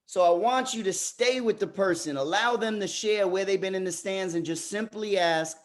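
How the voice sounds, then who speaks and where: A man facilitating a fathers' group workshop who talks emphatically and often repeats words as he restarts. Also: a little high. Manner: turns soft and slow in reflective parts. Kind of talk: motivational workshop talk.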